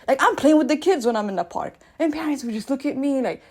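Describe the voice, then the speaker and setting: A radio host in her thirties delivers a casual spiritual monologue, swinging animatedly from loud bursts to soft asides. Her voice sits high and she talks fast.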